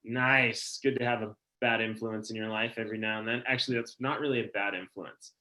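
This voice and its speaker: A man's voice: fairly low pitch, fairly even intonation, fairly quick, pushed and bright. A man in his forties hosting a live-streamed story event, upbeat and casual as he reads out audience comments. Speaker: event host.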